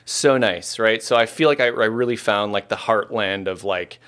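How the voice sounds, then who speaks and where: A man's voice: on the low side, normal speed. A man from Illinois co-hosting a casual coffee podcast, telling stories with frequent laughter. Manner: laughing, animated storyteller. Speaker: podcast co-host, coffee roaster. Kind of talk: casual chat.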